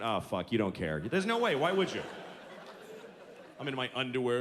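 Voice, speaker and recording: A man's voice: medium pitch, big pitch swings, moderate pace, pauses often, slight background noise. A male stand-up comedian doing a set on stage, profane, exasperated and mocking. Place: theater stage. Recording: big hall with a loud, laughing crowd.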